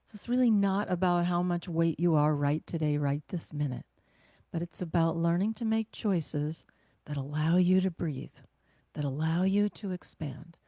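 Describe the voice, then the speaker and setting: A woman teaching a guided self-care breathing class, talking gently and conversationally with sighs and slow exhales. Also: on the low side, dry recording, studio quality.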